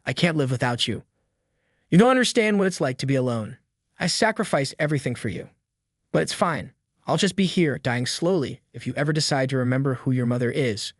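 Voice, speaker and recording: A man's voice: medium pitch, lively intonation, brisk, no echo, studio quality. A man voicing a manipulative middle-aged mother who guilt-trips her grown daughter with pleading words.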